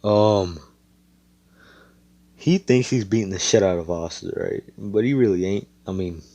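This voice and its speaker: A man's voice: on the low side, warm tone, no echo. A man casually retelling an imagined anime storyline, rambling with slang and lots of swearing. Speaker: fan storyteller.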